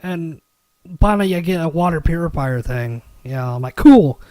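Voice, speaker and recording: A man's voice: fairly high pitch, a little fast, no room sound. A man from Kentucky hosting a casual gaming podcast, joking around and swearing freely. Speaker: podcast host.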